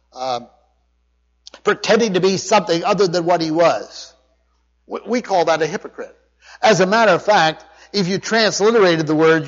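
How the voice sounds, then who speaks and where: Emphatic preacher in a reverberant hall. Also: male voice, fairly high pitch. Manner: emphatic preaching with frequent restarts and word study. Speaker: pastor. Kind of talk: sermon. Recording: dull sound with long hall reverb.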